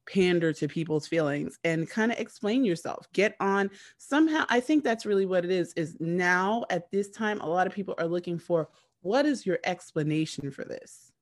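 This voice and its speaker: A woman casually recapping a TV show, rambling with lots of fillers and restarts. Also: on the low side.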